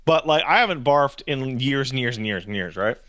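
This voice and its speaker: A man co-hosting a podcast, casually telling animated stories and throwing joking insults. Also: medium pitch, brisk, dry recording, clean studio sound. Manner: animated storytelling, jokey insults. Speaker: podcast co-host. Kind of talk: casual chat.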